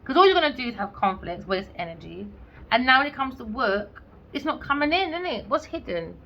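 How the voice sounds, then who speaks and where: A woman's voice: on the high side, very animated, brisk, vocal fry. A woman giving a casual tarot reading, blunt and sarcastic, swearing freely and acting out lines of imagined dialogue. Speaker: tarot reader. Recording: slightly dull lo-fi audio with faint background noise.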